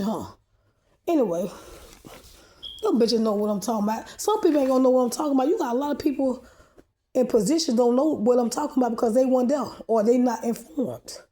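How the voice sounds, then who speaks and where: Agitated woman ranting, profane and mellow-toned. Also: fairly high pitch. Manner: repeats and restarts words under pressure. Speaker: vlogger posting a video. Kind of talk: rambling monologue to camera.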